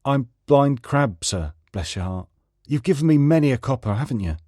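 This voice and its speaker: A man's voice: medium pitch, animated, moderate pace, warm tone, dry recording, studio quality, pitched above the performer's own voice, close to an everyday voice. A man doing Tom Crabbe, a hard old blind beggar. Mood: wheedling.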